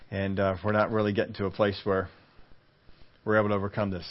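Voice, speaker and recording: A man's voice: on the low side, monotone, quick pace, highs cut off. A man preaching a Bible-teaching sermon in a conversational style, often putting questions to the congregation. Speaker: pastor.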